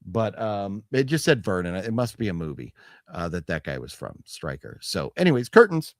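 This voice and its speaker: A man chatting casually as co-host of a movie haul stream. His pitch swings all over the place as he rambles, restarts his sentences and swears freely. The voice sounds close and dry, with no room around it. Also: big pitch swings, normal speed, no echo. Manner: rambling, swears freely, reads product blurbs aloud; restarts sentences, hedging fillers. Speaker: co-host of a physical media haul show. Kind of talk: casual chat.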